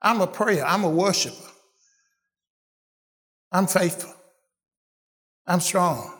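Man, preacher, sermon, high voice, emphatic, repeats phrases. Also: slow, a bit bright.

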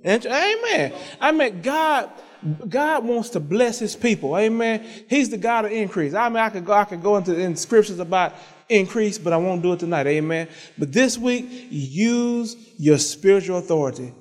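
A pastor preaches in a church sanctuary, telling his personal testimony as conversational storytelling with frequent amens and half-sung repeated phrases. His voice is high with lively intonation at normal speed, and the sound is that of a big room.

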